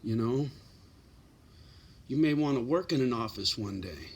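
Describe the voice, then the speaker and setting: Husky and mid-range, this middle-aged man's voice is expressive and a little slow. Talking straight and casually, he hands out blunt advice laced with profanity, tagging many lines with "right?" or "you know."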